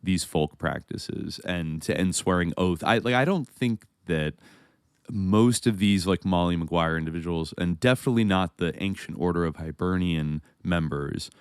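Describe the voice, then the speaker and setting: Deep-voiced man co-hosting a history podcast. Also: moderate pace, clear, resonant tone, no echo, studio quality. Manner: reads historical passages, then rambles with restarts and laughs. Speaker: podcast co-host. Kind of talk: casual history podcast chat.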